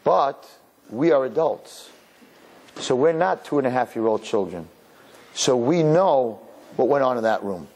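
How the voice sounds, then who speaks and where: A man preaching a sermon as a rabbi, telling stories in an animated way. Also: mid-range voice, measured pace, pauses often, breathy edge. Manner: animated storyteller who acts out his characters.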